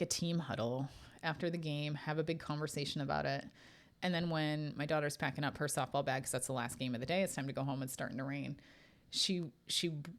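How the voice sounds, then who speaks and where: A woman in her thirties talks through a personal story on her own podcast. Her voice sits low, and she speaks in a loose, candid way, full of fillers and the odd curse. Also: gravelly. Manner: candid, chatty storytelling with frequent swearing and fillers. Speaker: podcast host and medium. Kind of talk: casual spoken podcast monologue.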